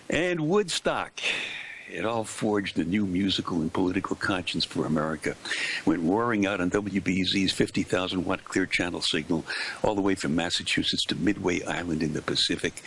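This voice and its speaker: An older man, a veteran radio DJ, telling stories in an interview with punchy, dramatic pauses. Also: sits low, fairly bright tone, a little hiss or hum. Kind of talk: anecdotal storytelling in an interview.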